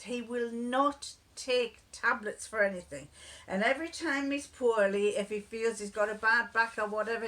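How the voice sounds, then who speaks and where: A vlogger with a fairly high, somewhat bright voice chats casually to camera. She rambles and digresses through homely stories, laughing often.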